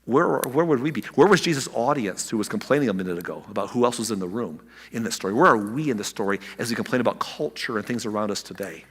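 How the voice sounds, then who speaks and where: A man preaching a sermon as pastor, animated, acting out the people in the story with big swings in loudness. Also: on the low side, fast, breathy edge, in a large hall.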